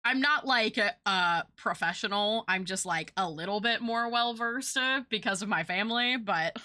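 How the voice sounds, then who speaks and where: A woman's voice: mid-range voice, normal speed, pushed and bright. A young woman streamer chatting casually with her viewers, rambling and filling her talk with "like" and "uh". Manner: chatty, rambling, filler-heavy.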